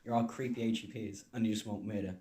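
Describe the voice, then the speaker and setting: A man's voice: lowish voice, fairly even intonation, fast talker, a crowd in the background. A man ranting bluntly and angrily in a video clip, swearing as he goes.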